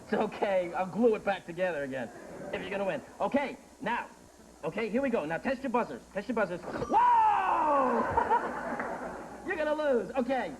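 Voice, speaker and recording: A man hosting a comedic game show, teasing contestants with quick jokes. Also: high voice, animated. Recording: noisy archive TV studio tape.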